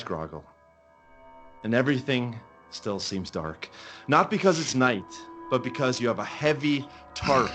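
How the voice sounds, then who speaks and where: A man running a tabletop game as game master, telling the scene in a slow, dramatic way with long pauses. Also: mid-range voice, fairly bright tone.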